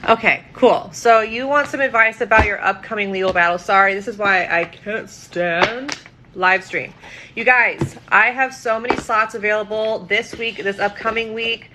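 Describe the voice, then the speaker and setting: A woman's voice: mid-range voice, normal speed, noisy background. A woman giving tarot readings on a livestream, casual and scattered, with frequent ums and likes and free swearing.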